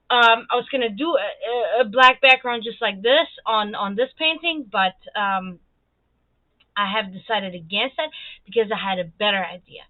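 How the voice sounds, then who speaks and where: A Serbian woman with a medium-pitched voice rambles and swears her way through an animated vent while painting on her livestream. The recording is dry and tinny, like it came off a phone.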